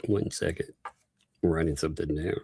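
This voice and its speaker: A man's voice: a bass voice, a little fast, gravelly, warm tone, slightly rough, dry recording. A man with a Southern US accent hosting a casual livestream, laughing often and reading viewer messages aloud. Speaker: livestream host.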